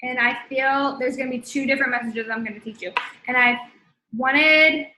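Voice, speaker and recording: A woman's voice: high-pitched, fairly even intonation, moderate pace, pushed and bright, reverberant, poor audio. A young woman hosting a casual coaching talk, using slang and thinking aloud as she dictates a message while typing. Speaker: host coaching sellers. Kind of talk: casual instructional live talk.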